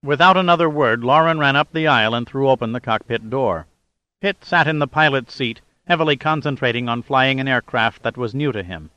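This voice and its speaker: A man narrating a thriller audiobook in a steady dramatic reading. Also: mid-range voice, a little fast, clear, resonant tone, no echo, dull audio. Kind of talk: scripted narration.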